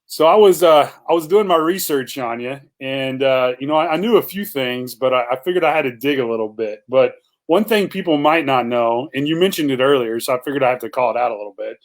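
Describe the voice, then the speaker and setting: A man's voice: mid-range voice, brisk. A male host interviewing a guest in casual, friendly conversation.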